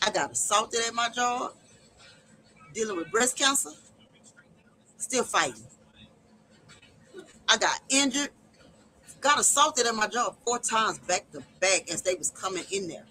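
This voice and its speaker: Woman streamer, impassioned and preacherly, bright, piercing tone with faint background noise. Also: fairly high pitch, very animated, measured pace, pauses often, low-quality recording. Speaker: livestream host. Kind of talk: personal testimony livestream.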